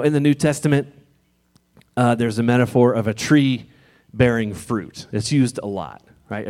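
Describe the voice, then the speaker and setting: A man with a fairly low voice delivers a sermon to his church. He talks in a conversational, gently reassuring way, easing into and out of scripture readings. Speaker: pastor.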